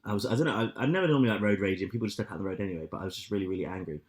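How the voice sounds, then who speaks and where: A man in his thirties co-hosting a podcast, telling stories with lots of swearing and loud acted-out quotes. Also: on the low side, rapid-fire. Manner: animated storyteller, swears a lot, acts out quotes loudly. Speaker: podcast co-host. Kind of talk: casual chat.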